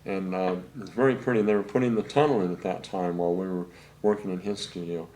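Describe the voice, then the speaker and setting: An older man, a session saxophonist, telling rambling anecdotes in a relaxed interview, full of fillers. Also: sits low, fast talker, slight background noise. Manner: rambling anecdotes with many fillers, acts out quotes.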